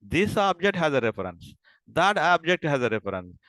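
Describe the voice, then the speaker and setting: Male lecturer, bright voice, crisp and clear, dry sound, keeps checking if the class understands. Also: on the high side, very animated, dry recording. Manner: repeats and checks understanding, halting restarts.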